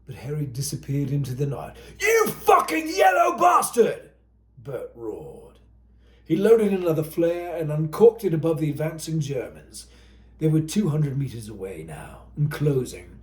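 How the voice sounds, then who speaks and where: A man's voice: a little high, expressive, normal speed, dark tone, reverberant. A man narrating an audiobook with a dramatic, tense delivery.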